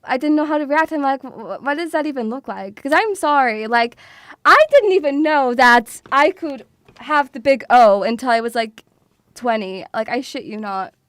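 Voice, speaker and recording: Young woman streamer, high bright voice, swears and says sweetie a lot, dry close mic. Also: lively intonation, moderate pace, no echo. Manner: chatty, swears freely, calls viewers sweetie. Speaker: VTuber streamer. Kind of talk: casual livestream chat.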